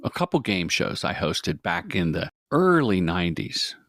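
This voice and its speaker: A middle-aged man telling stories as a guest in an interview, animated, jokey and self-deprecating. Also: deep voice, moderate pace, dry recording, studio quality. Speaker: guest, commercial director. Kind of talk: casual interview storytelling.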